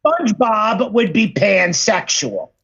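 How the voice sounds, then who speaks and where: A man's voice: high-pitched, big pitch swings, takes it slowly, fairly bright tone, slightly rough, muffled recording. A man co-hosting a casual podcast chat, crude and rambling, now and then mimicking celebrity voices. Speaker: podcast co-host.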